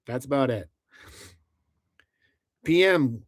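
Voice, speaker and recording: A man's voice: fairly high pitch, lively intonation, extremely slow, long pauses, darkish tone, no echo, studio quality. A man hosting a casual livestream from inside a truck camper, rambling with many restarts as he reads out viewer comments. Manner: rambling, many restarts, laughs between lines. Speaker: livestream host.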